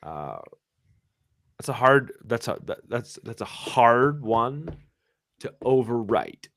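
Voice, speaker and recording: A man speaks with emphatic, impassioned conviction, his voice sitting at a medium pitch. He tends to repeat words as he presses his point. The talk is candid and direct. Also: very animated, slow pace, a bit bright. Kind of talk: candid conversation.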